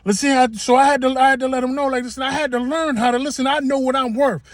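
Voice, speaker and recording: High-voiced man telling an emphatic story. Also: fairly even intonation, quick pace, no echo, studio quality. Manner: emphatic, repeats himself, conversational slang. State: getting emotional. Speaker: vlogger. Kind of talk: casual storytelling to camera.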